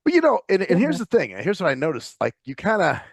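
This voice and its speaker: Man, lively pitch, chatty, dry close sound. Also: fast talker, gravelly, breathy edge, no echo. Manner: animated, chatty, swears casually. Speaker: co-host interviewer. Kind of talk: casual interview chat.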